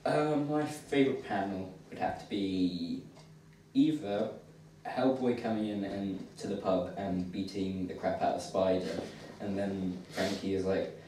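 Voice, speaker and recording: A man's voice: sits low, unhurried, warm tone, slight background noise. A man co-hosting a casual comic review in an easygoing, agreeable way. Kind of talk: casual chat. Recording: echoey room, mic at a distance.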